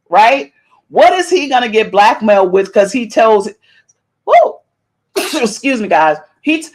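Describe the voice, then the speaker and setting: A middle-aged woman hosting a podcast, giving chatty, animated celebrity gossip commentary and playfully meowing her catchphrase. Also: fairly high pitch. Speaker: podcast host.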